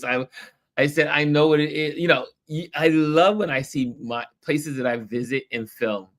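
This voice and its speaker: A man hosting a casual late-night livestream, chatting in a rambling, easygoing way and breaking into animated voices when he quotes people. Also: medium pitch, normal speed. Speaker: livestream host.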